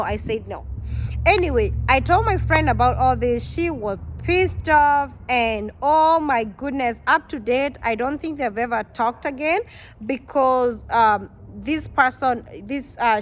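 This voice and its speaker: A woman, a vlogger telling a personal story to her viewers, animated and exclaiming, quoting people in dialogue. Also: sits high. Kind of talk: storytime vlog.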